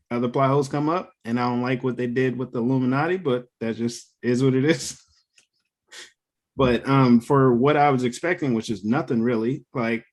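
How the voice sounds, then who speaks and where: A young man co-hosting a podcast, telling a story in casual chat, swearing freely and laughing often. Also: mid-range voice. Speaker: podcast co-host.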